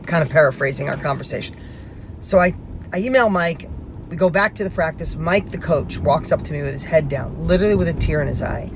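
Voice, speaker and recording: A man's voice: on the high side, fairly quick, background noise. A middle-aged man speaking as a motivational speaker, telling a personal story in an emphatic, conversational way and repeating phrases for punch.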